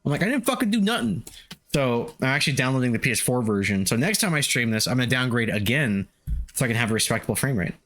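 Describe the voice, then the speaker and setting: A man's voice: mid-range voice, fast, fairly bright tone. A man casually commentating his game stream, swearing freely and laughing often.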